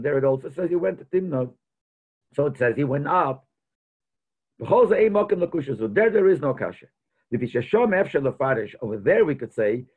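A husky, mid-pitched male voice comes through with a tinny, phone-like quality. He is a rabbi teaching a Torah lesson, blending Hebrew and Yiddish terms into English while he thinks through his explanation aloud.

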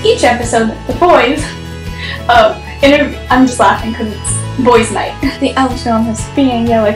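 Young woman vlogger, chatty and laughing, slightly high voice; roomy echo. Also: normal speed, music in the background. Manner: giggly, chatty, lots of fillers and restarts. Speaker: book vlogger. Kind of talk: casual review vlog and bloopers.

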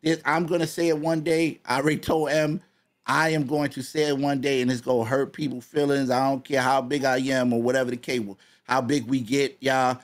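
A man's voice: mid-range voice, level tone, brisk. A man, co-hosting a podcast in casual chat, rambling and repeating himself as he talks. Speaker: podcast co-host.

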